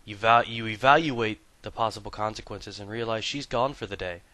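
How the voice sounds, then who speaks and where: Comic storytelling mixes with gameplay commentary as this male host describes his gear in crude, profane banter. He moves between hushed narration and loud excited outbursts, his lowish voice a little fast and recorded dry.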